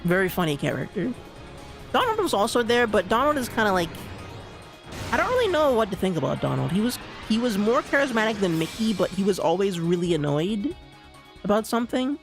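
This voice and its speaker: A live streamer in casual chat, rambling and excitable, with lots of stammered restarts. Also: mid-range voice, fairly quick, creaky, soft background music.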